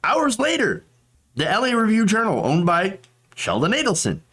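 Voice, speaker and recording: A man's voice: sits high, wildly swooping pitch, normal speed, a bit bright, breathy edge. A man hosting a political commentary show, talking in a sarcastic, mocking way.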